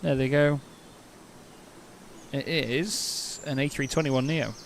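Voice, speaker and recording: A man's voice: medium pitch, fairly even intonation, slow, slight background noise. Chatty English man on a live stream. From England. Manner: chatty, thinks aloud, crisp clipped radio phrasing. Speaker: streamer playing an air traffic control game. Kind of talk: casual live-stream chat mixed with radio calls.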